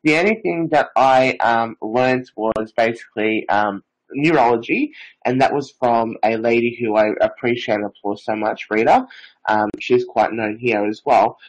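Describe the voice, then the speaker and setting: A man's voice: mid-range voice, moderate pace, low-quality recording. A nineteen-year-old man, a psychic medium and Reiki master, telling stories in a casual, rambling interview full of filler phrases.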